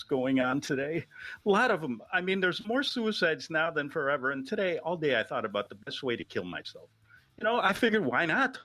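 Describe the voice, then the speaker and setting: Animated, bright-voiced radio host rambling jokes. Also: male voice, on the high side, no room sound. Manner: rambling, jokey, animated delivery. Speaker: radio talk show host. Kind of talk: comedic talk radio monologue.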